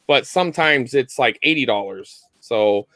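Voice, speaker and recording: A man's voice: medium pitch, lively intonation, measured pace, sharp tone, no room sound. A man co-hosting a live online collecting chat, talking casually and rambling with lots of fillers over a video call. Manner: rambling, loose, many fillers.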